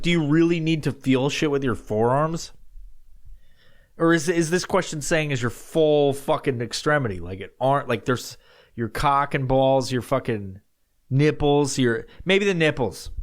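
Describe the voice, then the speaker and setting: Young male podcast host, solo, casual and foul-mouthed, meandering answers, bursts of loud shouting. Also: mid-range voice. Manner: profane, rambling, jumps into loud acted-out shouts.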